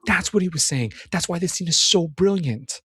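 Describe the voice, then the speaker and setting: A man's voice: high voice, animated, moderate pace, sharp tone, slightly rough, dry recording, clean studio sound. A man giving a casual, earnest commentary on a film scene, emphatic and full of restarts.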